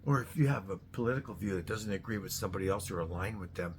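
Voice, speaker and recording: Blunt, low-voiced ranting man. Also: fast, hardly any pauses, slight background noise. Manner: blunt, profane, swings to loud outbursts. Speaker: host. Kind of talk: ranting monologue.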